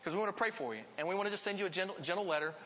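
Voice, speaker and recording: A male pastor preaches with a high, bright voice that rings out in a church hall with a long reverb. He tells his stories with earnest, animated energy. It is a live sermon to his congregation. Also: rapid-fire.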